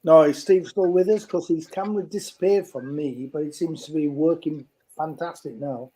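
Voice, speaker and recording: A man with a Yorkshire accent banters over a video call, teasing and swearing freely. His voice sits a little high yet has a mellow, soft tone. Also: moderate pace, husky, rough recording. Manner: teasing, sweary, keeps butting in. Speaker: guest on a live stream.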